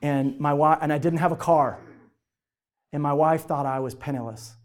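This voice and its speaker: A middle-aged man speaking to a live audience, telling personal stories in an animated way and acting out the voices of the people in them. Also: a little high, moderate pace. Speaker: motivational speaker.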